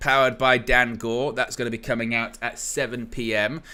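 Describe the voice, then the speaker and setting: Hosting a football watchalong live, this young man is chatty and jokey, reading out chat comments. He speaks at a moderate pace with a medium-pitched, flat delivery, and his tone is bright, forceful, clear and resonant.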